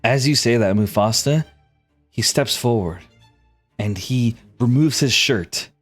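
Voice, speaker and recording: A man's voice: mid-range voice, unhurried, soft background music. A man narrating as game master in a tabletop game, casual and rambling with lots of filler.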